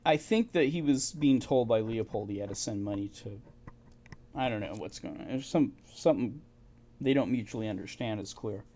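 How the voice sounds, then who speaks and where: A man giving casual, halting commentary while reading through old documents. He thinks aloud, restarts often and chuckles to himself. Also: on the low side, dark tone. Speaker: channel host.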